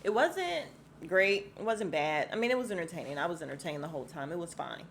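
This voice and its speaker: A woman's voice: lowish voice, lively intonation, a little fast, slight background noise. A woman hosting a podcast, ranting casually about celebrity news, chatty and laughing often as she talks to her listeners. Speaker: podcast host. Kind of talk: casual celebrity gossip rant.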